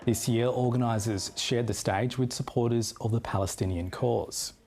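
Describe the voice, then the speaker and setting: A man with an Australian accent presenting the news in a measured, formal studio read. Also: mid-range voice, fairly even intonation, vocal fry, darkish tone, faint music behind.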